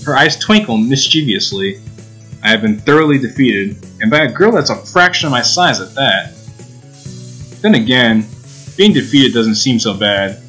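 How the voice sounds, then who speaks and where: A man's voice: mid-range voice, lively intonation, moderate pace, a bit bright, soft background music, poor audio. Casual man reading a game aloud. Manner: casual, giggly, with restarts and asides. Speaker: let's play host reading a visual novel.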